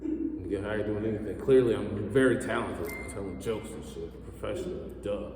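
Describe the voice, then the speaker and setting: A man in his thirties doing a stand-up comedy set, telling sarcastic, profane stories and jumping his pitch up when he acts out what he said. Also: a crowd in the background. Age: 30s. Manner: profane, sarcastic storytelling with quick pitch jumps. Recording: echoey hall, mic far off.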